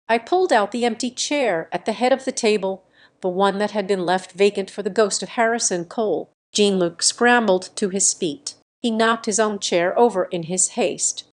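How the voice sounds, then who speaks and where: A woman reading a first-person revenge story aloud in a measured, deliberate scripted narration. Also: mid-range voice.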